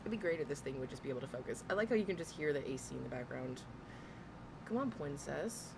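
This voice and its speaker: Chatty woman streamer, lively pitch. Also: fast, creaky, noisy background. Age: 30s. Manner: chatty, laughs often, greets viewers. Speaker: reaction streamer. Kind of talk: casual live-stream chat. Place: home room with air conditioner humming.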